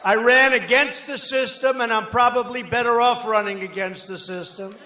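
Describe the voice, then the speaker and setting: This candidate's voice is very high yet steady in tone, delivered at a moderate pace over a noisy background. His rally speech leans boastful and repetitive, drifting into tangents. Long reverb fills the large, echoey hall.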